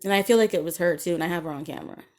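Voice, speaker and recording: A woman talks alone on her podcast in a slightly low voice, airing grievances in a loose, indignant rant. She rambles, stops for frequent ums and restarts, and swears freely as she goes. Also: very fast. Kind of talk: casual solo podcast monologue.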